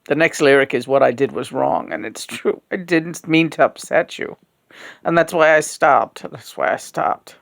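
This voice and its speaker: A woman's voice: deep voice, normal speed, gravelly, few pauses. A woman in her sixties, a host of a puppet show, talking in a frank, rambling, casual way, full of fillers and swearing. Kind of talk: casual candid conversation.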